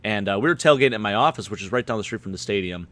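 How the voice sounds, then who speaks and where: A man, slightly hoarse and a bit tipsy, rambling excitedly about his game day. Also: lowish voice, rapid-fire. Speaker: guest fan panelist. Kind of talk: casual chat.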